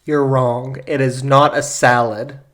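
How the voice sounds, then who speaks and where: A podcast co-host chatting casually, with wry, quick-witted asides. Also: mid-range voice, little pitch movement, fairly bright tone. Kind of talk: casual chat. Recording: roomy echo.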